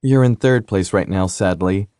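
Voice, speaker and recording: A man's voice: fairly low pitch, lively intonation, fairly quick, dark tone, no room sound, clean studio sound, voice pushed up, natural voice. A man voicing a cheerful, teasing young woman in an audiobook, a playful sister. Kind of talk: audiobook character reading.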